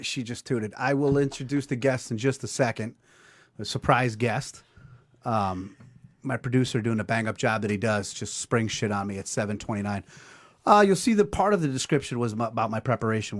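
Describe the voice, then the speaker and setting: A middle-aged man hosts a loose podcast chat in a mid-pitched voice. He needles his co-host with dry sarcasm and swears freely. He reads an ad read in the same offhand way. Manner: sarcastic, profane ribbing. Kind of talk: casual banter.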